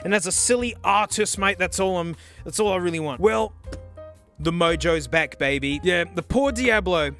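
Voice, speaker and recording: A young man chatting casually in a vlog, slangy and excitable, groaning and yelling as he tests gadgets. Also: high-pitched, normal speed, faint music behind. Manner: excitable, slangy, yells and groans while testing gear. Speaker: tech reviewer.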